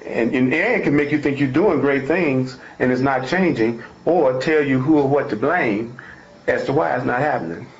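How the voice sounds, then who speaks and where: A man's voice: mid-range voice, moderate pace. A man giving an informal spiritual talk, reading from a text and explaining it with emphatic repetition and folksy phrasing. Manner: emphatic and repetitive, restating each point. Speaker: spiritual teacher. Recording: echoey room, dull lo-fi sound.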